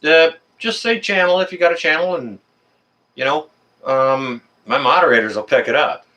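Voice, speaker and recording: A man's voice: on the high side, normal speed, sharp tone. A man hosting a casual live stream from his apartment, chatting and reading viewers' messages aloud. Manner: chatty, talks to viewers and reads chat aloud.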